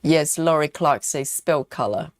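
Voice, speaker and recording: A woman's voice: low voice, a little slow, no echo, clean studio sound. A woman hosting a craft livestream, chatting casually while she reads viewers' comments aloud, often laughing and repeating words as she thinks. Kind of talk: casual chat reading live comments.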